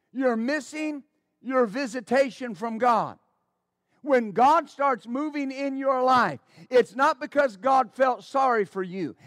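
Male pastor, very high voice, fervent sermon delivery with restarts, dry close recording. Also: fairly bright tone, dry recording. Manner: fervent, exclaiming praise, stammering restarts.

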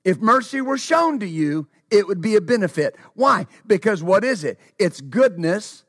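A man preaching a sermon who repeats his phrases, asks the congregation questions and calls out hallelujah, stumbling over words when excited. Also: sits high, normal speed, no echo, clean studio sound.

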